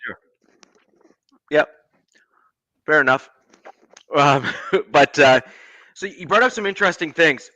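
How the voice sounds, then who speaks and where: Canadian man, bright casual podcast voice. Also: on the high side, no echo. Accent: Canadian, close to American. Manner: measured, hedging with many ums. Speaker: podcast co-host. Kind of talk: casual sports podcast chat.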